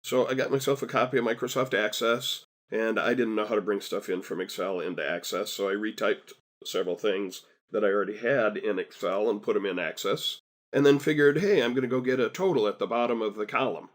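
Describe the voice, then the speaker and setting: A man teaching a software tutorial over a screen recording, chatty and encouraging with folksy asides. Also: fairly low pitch, fairly quick. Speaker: software instructor.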